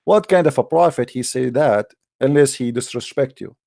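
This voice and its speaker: A man's voice: medium pitch, moderate pace, creaky, warm tone. A man hosting a heated religious debate in non-native English, combative and mocking, often repeating himself. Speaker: debate show host.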